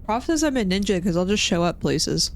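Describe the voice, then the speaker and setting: A woman from Texas, a streamer telling a story in casual chat while gaming, animated and self-deprecating with nervous laughs. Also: medium pitch, fairly quick.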